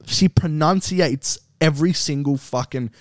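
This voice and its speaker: A young man co-hosting a podcast in casual chat, relaxed and swearing freely. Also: on the high side, no echo, studio quality. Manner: relaxed, swears often, drawn-out phrasing. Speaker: podcast co-host.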